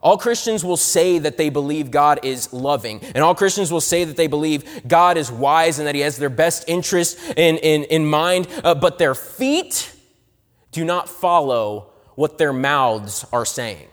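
A man preaching a sermon, swinging between loud emphatic lines and soft, low asides. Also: animated, a little slow, in a large hall.

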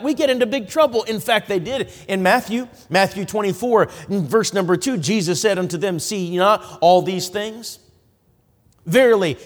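A male evangelist preaching with fervor, his high voice climbing into shouts at the peaks of his sermon. The sound rings with the long reverb of a large hall. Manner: impassioned preaching, rising to shouts.

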